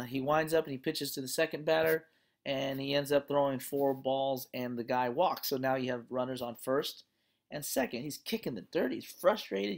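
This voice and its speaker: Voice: medium pitch, vocal fry. A course instructor wrapping up a class with a chatty story, talking in a conversational, earnest and encouraging way with plenty of fillers. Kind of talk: closing lecture with a story.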